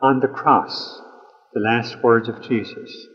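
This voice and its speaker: A man preaching a sermon in a measured, earnest way, slowing down to stress key phrases. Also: mid-range voice, fairly even intonation. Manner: measured, earnest delivery with slow emphatic phrases. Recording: muffled sound with long hall reverb.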